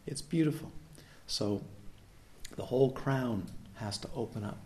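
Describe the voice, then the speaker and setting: A man's voice: mid-range voice, a little slow, mellow. A man giving a playful, questioning dharma talk as a meditation teacher at a retreat. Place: retreat hall.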